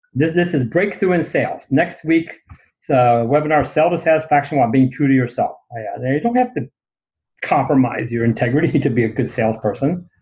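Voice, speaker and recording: A man presenting on a webinar, blunt and self-mocking, with many halting restarts. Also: medium pitch, a little mellow. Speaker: guest speaker. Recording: dull lo-fi webinar audio.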